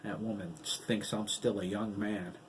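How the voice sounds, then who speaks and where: Man doing a gruff old ex-Marine. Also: on the low side, steady tone, normal speed, a little hiss or hum, lightly acted, low-quality recording. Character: gruff older male ex-Marine, blunt.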